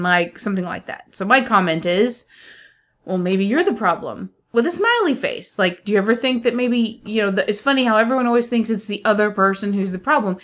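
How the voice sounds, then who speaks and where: A woman's voice: medium pitch, a bit bright. A middle-aged woman co-hosting a podcast, talking bluntly and candidly in casual chat and laughing often. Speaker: podcast co-host.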